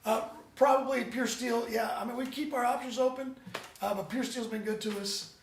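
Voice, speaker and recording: A high-voiced man with a gravelly edge tells stories in an animated, rambling way, often restarting his sentences. His voice is picked up from across a roomy, echoing space with a faint hiss behind it. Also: moderate pace. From United States. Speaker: band member, guest. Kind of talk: casual interview chat. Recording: roomy echo, distant mic.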